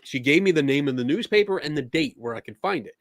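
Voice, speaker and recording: A man's voice: fairly high pitch, expressive, quick pace, no echo, clean studio sound. A man hosting a podcast, chatting casually and telling stories, acting out quoted exchanges along the way. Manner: easygoing storyteller, acts out quoted exchanges. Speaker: podcast host. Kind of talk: casual conversational chat.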